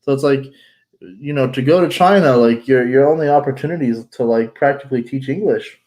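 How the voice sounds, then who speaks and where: A man from the United States chats casually on his vlog, rambling bluntly with lots of fillers and restarts, nasal from allergies. His mid-range voice is slightly mellow and moves a little fast.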